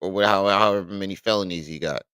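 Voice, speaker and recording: A man's voice: sits low, quick pace, fairly bright tone, clear, resonant tone, no echo. A man hosting a live stream, reacting bluntly and with exasperation, swearing often.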